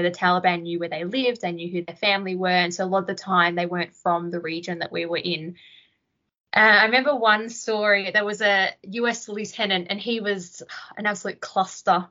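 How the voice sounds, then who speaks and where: On a podcast interview, an Australian woman looks back on her time in the military, telling stories in a reflective way. Her voice is medium-pitched, bright, and forceful, and the audio sounds lo-fi.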